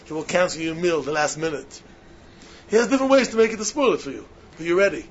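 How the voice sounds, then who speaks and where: A man with a high voice preaches in to his students. He hammers key phrases over and over, jumping from loud insistence to quiet, hushed asides. The recording is dull and lo-fi, with a faint hiss underneath. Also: lively intonation, fast. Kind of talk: sermon.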